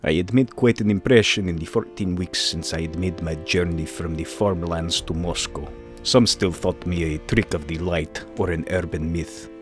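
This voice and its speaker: A man voicing a solemn Soviet Superman in a put-on Russian accent, reading comic narration gravely. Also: low voice, over music, pitched below the performer's own voice, natural voice. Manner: grave, measured storytelling.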